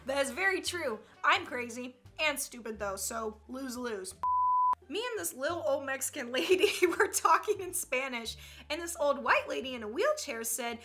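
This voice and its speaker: Young woman creator, high and bright, sassy comic reactions. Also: expressive. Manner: sassy, quick comebacks, laughs often. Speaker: video creator. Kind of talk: reading and reacting to online jokes.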